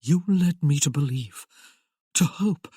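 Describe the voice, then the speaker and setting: A woman's voice: deep voice, animated, takes it slowly, mellow, breathy edge, dry recording, clean studio sound, heavily acted. A woman playing a heartbroken, fiery jilted man. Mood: devastated. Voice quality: trembling, theatrical outbursts.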